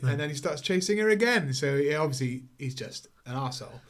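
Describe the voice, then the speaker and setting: A man's voice: a little high, animated, fast talker. Rambling man reviewing films. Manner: rambling, many fillers, acts out quotes in silly voices. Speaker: podcast co-host. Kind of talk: casual film review chat.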